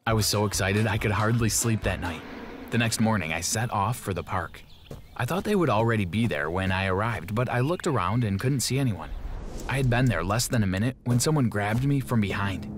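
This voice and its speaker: A man giving scripted first-person narration of an animated story in a plain, steady telling. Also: lowish voice, fairly quick. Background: background music.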